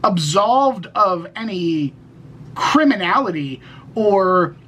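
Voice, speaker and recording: A man's voice: high voice, animated, slow pace, fairly bright tone, poor audio. A man co-hosting a casual political podcast, rambling with many restarts and the odd swear word. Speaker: podcast co-host.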